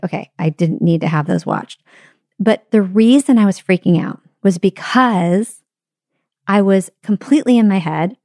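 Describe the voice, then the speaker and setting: A woman's voice: mid-range voice, mellow, no echo, studio quality. A woman hosting a podcast, telling a personal story in a candid, chatty way and talking straight to her listeners at the microphone. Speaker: podcast host. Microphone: studio microphone.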